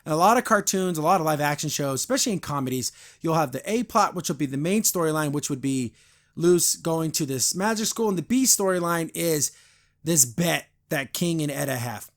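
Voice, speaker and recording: A man's voice: a little high, expressive, brisk. A man hosting a podcast, giving a casual, blunt and critical review of a cartoon episode. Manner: retells scenes, briefly imitating characters.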